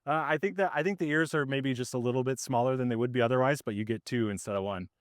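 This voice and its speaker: A man leading a farm tour outdoors, explaining his farming in a casual, conversational way with lots of fillers, his voice slightly hoarse. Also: mid-range voice, fast, no room sound, studio quality. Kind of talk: explaining while walking a group around.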